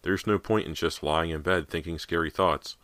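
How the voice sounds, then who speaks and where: A man voicing a stubborn, anxious teenage girl in an audiobook, tense and shrill when upset. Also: steady tone, normal speed, a bit bright, no room sound. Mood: nervous resolve.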